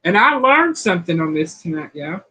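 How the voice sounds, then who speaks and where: A woman's voice: fairly low pitch, big pitch swings, moderate pace, sharp tone, husky, poor audio. Folksy woman hosting a live chat. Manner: folksy, chatty, playful. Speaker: host of a cooking channel's live chat. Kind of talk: casual live-stream chat, reading quiz questions.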